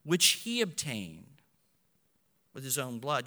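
A man, a pastor, preaching a sermon with animated delivery, swinging between loud and hushed passages. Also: sits high, normal speed, big-room sound.

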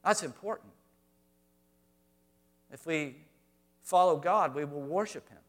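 A man preaching a sermon to a congregation, swinging between quiet asides and loud, emphatic lines. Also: on the high side, unhurried. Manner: reads scripture aloud, addresses congregation directly. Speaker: pastor.

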